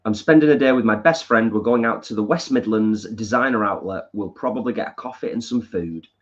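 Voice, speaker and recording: A man's voice: on the low side, fairly quick, lo-fi sound. A man with a northern English accent co-hosting a casual live stream from his lounge, reading viewer comments aloud and answering them. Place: home lounge.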